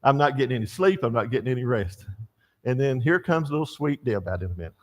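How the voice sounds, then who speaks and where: A man's voice: medium pitch, quick pace. An older man teaching a church Bible class, telling stories and asking the class questions. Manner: storytelling, animated, asks the class questions.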